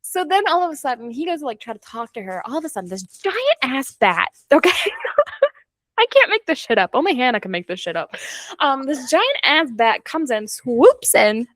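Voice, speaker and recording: A woman's voice: high voice, normal speed, no room sound, clean studio sound. A woman hosting a book club podcast, casually retelling the plot with laughs and acted-out lines. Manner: animated, laughing, acting out characters' lines.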